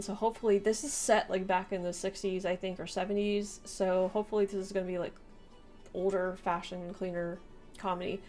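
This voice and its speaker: A woman's voice: medium pitch, a little mellow. A young woman from the United States, chatting casually as a reaction video host, giggly and full of fillers. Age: young adult. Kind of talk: casual chat.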